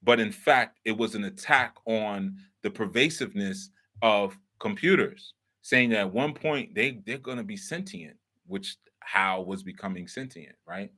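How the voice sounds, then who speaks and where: A man's voice: fairly low pitch, measured pace, bright, forceful tone. A man hosting a talk and teaching in a casual, explaining way, posing rhetorical questions and checking in with the listener. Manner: lecturing, asks rhetorical questions, checks in with "right?". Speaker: host and teacher.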